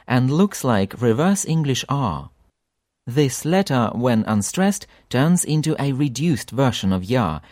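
A man teaching a language lesson from a script, patiently repeating words slowly for pronunciation drills. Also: mid-range voice, a little mellow, no echo, clean studio sound.

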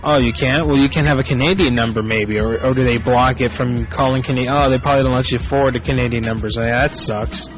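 A man's voice: medium pitch, steady tone, quick pace, few pauses. Male host of a scrappy prank call show, loose and profane, lo-fi audio with music behind. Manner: profane, rambling, off-the-cuff. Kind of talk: casual live show banter. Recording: muffled lo-fi internet radio.

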